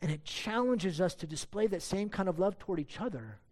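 A man preaching a sermon with earnest emphasis, pressing his church with rhetorical questions. His voice sits somewhat high for a man. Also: lively intonation, fairly quick, darkish tone. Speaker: pastor.

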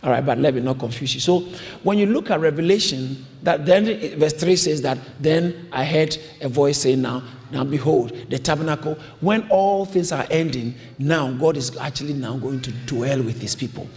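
A man's voice: on the high side, moderate pace, a little mellow. A man preaching a sermon, emphatic and repetitive, calling on the congregation to repeat his lines. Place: church hall. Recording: long reverb of a large hall.

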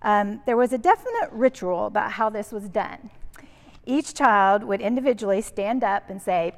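Higher-voiced woman recounting a trip in a hall. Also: expressive, normal speed. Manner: earnest, warm-humored, uses fillers like um and kinda. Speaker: mission trip member sharing stories. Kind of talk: casual storytelling. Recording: reverberant hall.

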